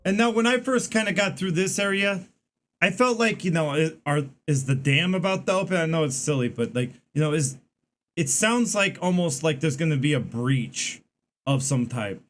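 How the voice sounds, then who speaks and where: A man's voice: a little high, lively intonation, normal speed, a bit bright. A man giving casual, rambling game commentary to his stream chat, full of fillers and restarts.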